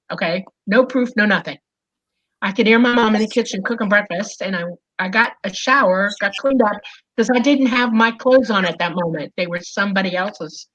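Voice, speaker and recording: Animated woman telling a story. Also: mid-range voice, lo-fi sound. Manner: animated, lots of fillers and "okay?". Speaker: guest recounting an experience. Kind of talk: casual storytelling.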